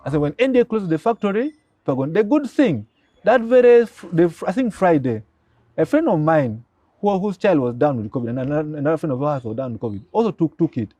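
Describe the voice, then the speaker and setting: Older man, Ugandan accent, quick lively storytelling, higher voice, dry close sound. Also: no room sound. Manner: excitable, acts out dialogue in his stories. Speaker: guest, pharmacy professor. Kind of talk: animated storytelling.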